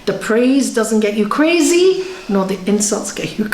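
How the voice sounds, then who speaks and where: Brief: fairly high female voice, animated yoga teacher, echoey hall. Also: measured pace, slight background noise. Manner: conversational, animated, tells stories with acted quotes. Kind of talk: spiritual teaching talk. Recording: echoey room.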